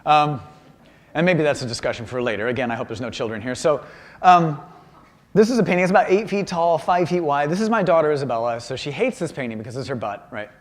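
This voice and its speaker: Animated, self-deprecating man lecturing. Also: on the high side, fast talker, long reverb tail. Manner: animated and self-deprecating, acts out quoted voices. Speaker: visiting artist giving a lecture. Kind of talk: humorous public talk with slides. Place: university auditorium.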